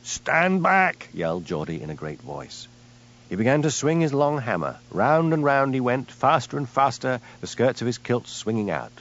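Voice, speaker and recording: A man narrating an audiobook in a lively, dramatic storytelling manner, on a dull lo-fi recording. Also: mid-range voice, normal speed. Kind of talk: scripted narration.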